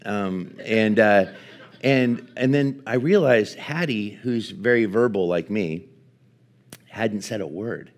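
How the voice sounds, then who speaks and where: A man in his forties, a pastor preaching a sermon, telling a personal story with frequent laughs and fillers, then teaching in a quieter, slower way. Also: mid-range voice. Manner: animated storyteller, laughs often, many fillers.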